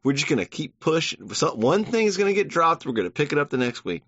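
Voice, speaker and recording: A man's voice: fairly high pitch, very animated, fast, fairly bright tone, no room sound. A man hosting a solo podcast, playful, laughing at his own jokes and talking straight to listeners. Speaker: podcast host. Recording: dull lo-fi.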